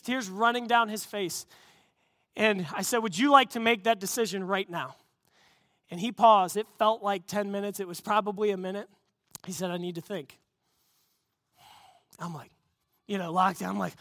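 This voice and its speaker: Male pastor, sermon delivery, high-pitched and earnest, builds to excitement. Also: normal speed, no echo, clean studio sound. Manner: earnest storytelling preacher, rising to excited emphasis.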